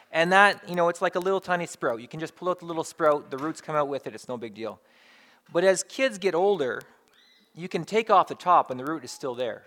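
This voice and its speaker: A man's voice: fairly high pitch, sharp tone. A man preaching a sermon in a conversational way, driving points home through emphatic repetition. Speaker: pastor.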